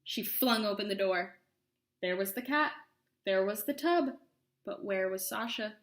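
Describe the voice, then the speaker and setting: A woman reading a children's story aloud, expressive and slowing for suspense. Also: medium pitch, echoey room. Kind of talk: read-aloud story narration.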